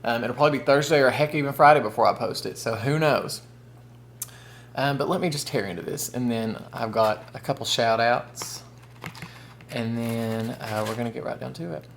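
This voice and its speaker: A man's voice: medium pitch, normal speed, vocal fry, slight background noise. A man who chats casually and folksily with viewers while eating on camera. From Southern United States. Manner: chatty, folksy, addresses viewers as y'all and honey. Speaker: food vlogger. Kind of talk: casual mukbang chat.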